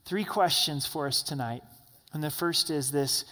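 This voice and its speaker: A man preaching a sermon as pastor of a church, emphatic at times and soft and quiet at others. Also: fairly high pitch, unhurried. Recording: long hall reverb.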